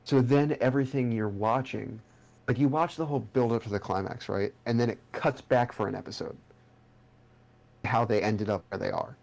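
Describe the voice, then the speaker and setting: A young man with a low, gravelly voice, chatting casually on a podcast. He rambles, swears offhandedly and often restarts his sentences. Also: darkish tone. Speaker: podcast co-host. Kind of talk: casual chat.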